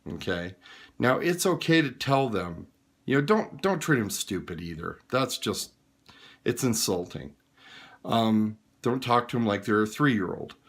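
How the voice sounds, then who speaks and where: A man's voice: fairly low pitch, expressive, a little slow. A man giving frank, plain-spoken advice on caring for dying relatives in an informal talk. He sounds tired late at night. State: tired and yawning. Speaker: hospice care advisor.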